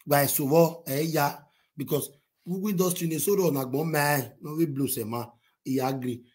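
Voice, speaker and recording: Nigerian vlogger guy, slightly high voice, excitable rant, keeps repeating himself. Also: normal speed. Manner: excitable, repetitive, mixes pidgin and local language. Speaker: vlogger commenting on a movie-industry dispute. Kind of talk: animated pidgin commentary.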